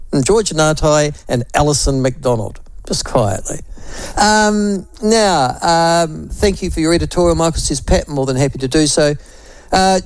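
A man's voice: on the high side, a little mellow, dry recording, poor audio. A man hosting talk radio, blunt and opinionated, rambling with many fillers and asides. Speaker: radio talk show host.

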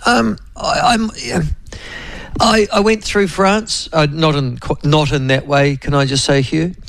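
A man's voice: on the high side, steady tone, a little slow, creaky, a bit bright, no echo. A New Zealand man hosting a radio show in a casual, rambling style full of fillers and asides to his co-host. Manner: rambling, digressive, lots of fillers; addresses co-host and listeners by name.

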